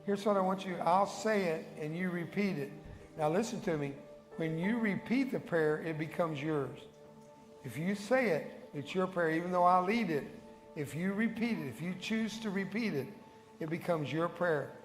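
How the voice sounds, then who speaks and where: A man's voice: high voice, normal speed. An older man, a guest evangelist, leading an altar call and a spoken prayer in a large church sanctuary, fervent and coaxing, with murmured praise between lines. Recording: echoey hall with worship music behind.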